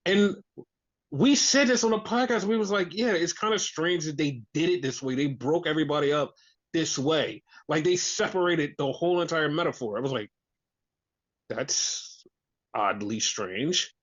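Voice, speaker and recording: A man's voice: on the high side, moderate pace. A man hosting a podcast, ranting in casual chat with frequent profanity and exasperation. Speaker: podcast host. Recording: dull lo-fi audio.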